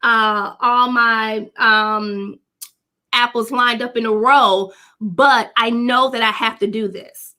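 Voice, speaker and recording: A woman's voice: fairly high pitch, steady tone, takes it slowly, pushed and bright. A woman hosting a faith-based talk show, speaking in a preachy way and quoting scripture.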